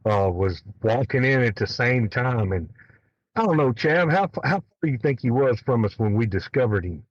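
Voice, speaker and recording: A man telling a hunting story in a casual, animated way, swearing freely. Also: medium pitch, moderate pace, dry recording, muffled recording. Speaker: guest elk hunter.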